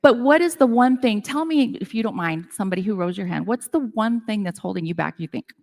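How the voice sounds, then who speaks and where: The long reverb of a hall surrounds a middle-aged woman speaking to a live audience at a women's business event in a conference room. Her medium-pitched voice is expressive, creaky and a little mellow, moving slightly fast as she tells chatty, self-deprecating stories heavy on "like."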